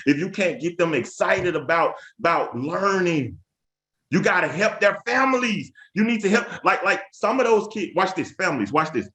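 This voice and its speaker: An emphatic man, speaking to teachers in a webinar. His voice sits a little high, and he tells stories like a preacher, repeating key phrases and calling out to the audience. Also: a bit bright. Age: 30s. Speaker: education speaker. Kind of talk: webinar talk with storytelling.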